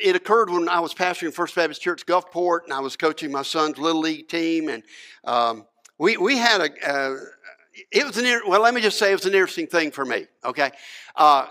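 A middle-aged man preaches in a relaxed, storytelling way, doubling back on his words and dropping in asides. His voice sits a little high and sounds bright and forceful. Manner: folksy, conversational, many restarts and asides. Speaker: pastor. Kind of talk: sermon with personal storytelling.

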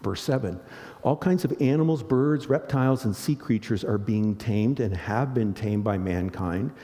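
Man, middle-aged pastor, sermon, mellow dark voice, long hall reverb. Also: on the low side, moderate pace. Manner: earnest, animated, rhetorical questions to the congregation.

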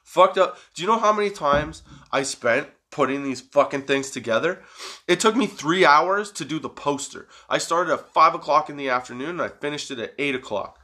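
A man hosting his own podcast, rambling in a casual, profane, self-mocking way after staying up all night high. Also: bright, forceful tone. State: sleepless and high. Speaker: podcast host.

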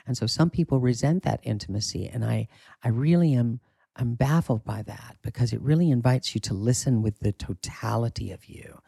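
Gravelly, candid man talking shop. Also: medium pitch, brisk, mellow, dry recording. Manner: candid, emphatic, swears casually. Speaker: acting coach. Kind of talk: casual interview talk.

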